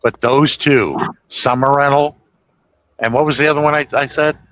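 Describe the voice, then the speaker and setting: A man's voice: medium pitch, fairly even intonation, normal speed, fairly bright tone, lo-fi sound. A man hosting a casual chat, retelling movie scenes in a rambling, self-correcting way. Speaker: host. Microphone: podcast microphone.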